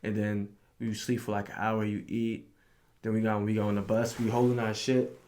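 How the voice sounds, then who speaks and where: A man's voice: fairly low pitch, level tone, moderate pace. Laid-back young man telling stories. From New York. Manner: laid-back slang-heavy storytelling, acts out drill sergeants yelling. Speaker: podcast guest, rapper. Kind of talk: casual chat.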